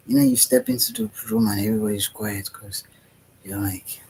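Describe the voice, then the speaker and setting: This vlogger's fairly low voice swings hugely in pitch and moves fairly quickly, with vocal fry and a slightly mellow quality. He meanders through a dreamy spiritual self-talk vlog to camera, repeating himself amid sighs and yawns, on poor audio with a little hiss or hum.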